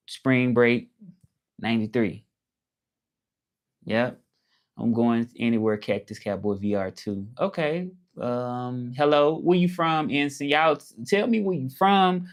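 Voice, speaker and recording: A man with a Southern accent from Memphis, chatting loosely on a livestream and greeting viewers from his laptop. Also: mid-range voice. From Memphis, Tennessee. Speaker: livestream host. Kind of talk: casual livestream chat. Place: indoors at a laptop.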